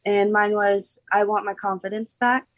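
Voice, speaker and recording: A woman's voice: medium pitch, fairly even intonation, normal speed, dry recording. A young woman from Oklahoma in her late teens, a former contestant chatting casually in an interview, bubbly and giggly with lots of "like" fillers.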